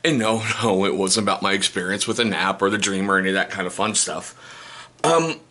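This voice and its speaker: A vlogger in his forties talks candidly to camera in a casual self-help video, joking between points and posing rhetorical questions. His voice is deep yet bright and forceful, and he speaks fairly quickly.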